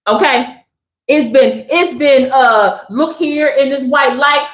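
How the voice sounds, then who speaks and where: High-pitched lady preaching on a live stream, emphatic and slangy, roomy echo. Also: slow pace. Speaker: spiritual reader. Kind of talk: live-stream spiritual message.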